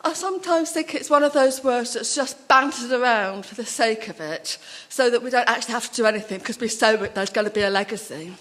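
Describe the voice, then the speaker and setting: A woman speaking at a conference, telling personal anecdotes in a chatty, animated way with many asides. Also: fairly high pitch, fairly quick, hardly any pauses.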